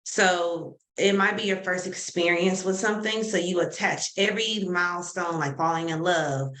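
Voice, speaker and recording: A woman's voice: on the low side, moderate pace, a bit bright, echoey room. A woman therapist explaining ideas earnestly in casual panel chat, often correcting herself mid-word.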